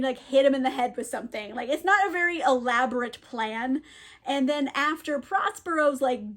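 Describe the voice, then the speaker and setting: A tipsy woman casually retelling a story, giggling often, swearing, and saying "like" a lot. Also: sits high. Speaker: book video creator.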